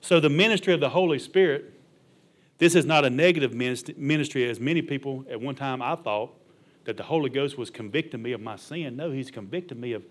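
A man's voice: mid-range voice, fairly quick. A middle-aged male pastor preaching a sermon, emphatic and colloquial, punctuating his points with amen and hallelujah.

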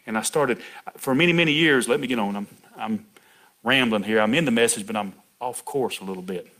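A man's voice: mid-range voice, brisk, bright, forceful tone. A middle-aged man preaching a folksy sermon, chatty and laughing, calling out to people in the pews by name.

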